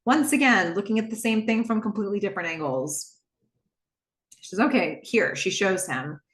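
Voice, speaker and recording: This is a woman hosting a podcast who casually walks through a TV episode scene by scene. She brings the dialogue to life with animated quoted asides. Her voice sits at a middle pitch, and the recording has a noticeably echoey room sound. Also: normal speed. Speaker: podcast host recapping a TV episode. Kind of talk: casual recap narration.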